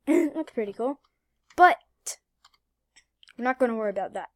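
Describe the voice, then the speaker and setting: A young woman talks over her gameplay in a high, bright voice, casual and excitable. She repeats herself when things get tense, slipping from near-whispers to loud shouts. The recording is close and dry, with no room sound. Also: moderate pace, long pauses, no echo. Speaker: gaming YouTuber.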